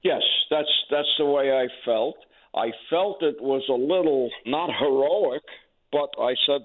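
Older male veteran, oral history interview, plain halting delivery, lo-fi telephone sound. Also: medium pitch, lively intonation. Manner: plain, halting storytelling with pauses. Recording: tinny phone-like line.

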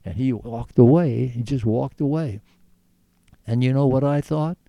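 An older man speaks earnestly in an interview, wandering from thought to thought with frequent restarts. His voice is very dark and gravelly, at a middling pitch, and the sound is dry and close. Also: a little slow, no echo. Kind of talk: storytelling in conversation.

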